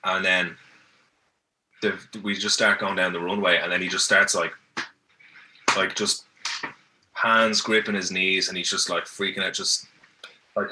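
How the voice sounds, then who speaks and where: A man's voice: fairly low pitch, steady tone, normal speed, pushed and bright. An Irish man on a podcast as a guest, telling stories in an easygoing, rambling way and often restarting. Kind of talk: casual chat, telling stories. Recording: mic at a distance.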